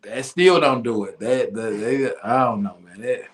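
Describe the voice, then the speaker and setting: A man's voice: mid-range voice, moderate pace. A man hosting a casual radio talk show, laughing often and talking in loose slang. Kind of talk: casual chat.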